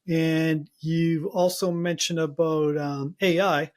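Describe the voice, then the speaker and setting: A man hosting an interview, putting measured, thoughtful questions to his guest. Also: a little high, flat delivery, a little mellow. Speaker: interview host.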